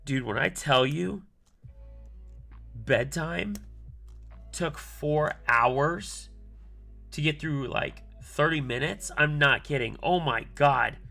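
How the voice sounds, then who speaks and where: A man in his thirties rambles through a casual story on a live stream, stopping now and then to mutter about the work in his hands. His voice has a gravelly texture. Soft music plays quietly in the background. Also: a little high, takes it slowly, pauses often. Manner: rambling, filler-heavy, mutters asides to himself while soldering. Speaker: streamer building a keyboard. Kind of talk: casual storytelling while working.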